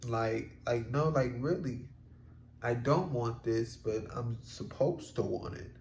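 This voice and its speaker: A man's voice: mid-range voice, slow, darkish tone, a little hiss or hum. A man talking through a solo reflective podcast monologue in a rambling, casual way, full of fillers and offhand swearing. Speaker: podcast host. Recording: roomy echo.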